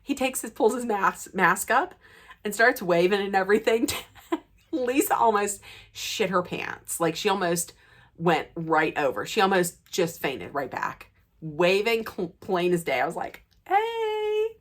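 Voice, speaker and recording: A woman vlogger tells a personal story with lots of excitement and swings in her voice. Her pitch sits in the middle but leaps widely as she gets caught up in it. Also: measured pace. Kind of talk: storytelling anecdote.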